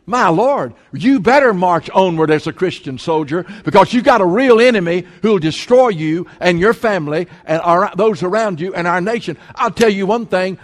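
A man's voice: sits high, expressive, moderate pace, few pauses. A man preaching a sermon as pastor, emphatic and repeating his points for stress. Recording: long hall reverb.

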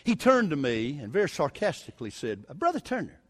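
A man's voice: mid-range voice, sing-song, brisk, no echo. A man preaching a sermon, telling a personal story in a folksy, emphatic way with touches of humor. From Southern United States. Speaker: evangelist preacher.

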